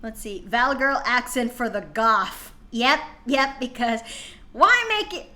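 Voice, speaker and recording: A woman's voice: on the high side, lively intonation, takes it slowly, sharp tone. A woman streamer chatting to her viewers in a dramatic, exasperated way, swearing often. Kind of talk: live stream chat while reading fan fiction.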